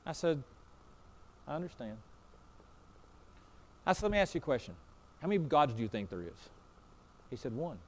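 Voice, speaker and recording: A man's voice: a little high, sing-song, normal speed, pauses often. A man preaching a sermon as pastor, telling a story in a folksy way and acting out both sides of a conversation. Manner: folksy, repeats "I said" and "he said".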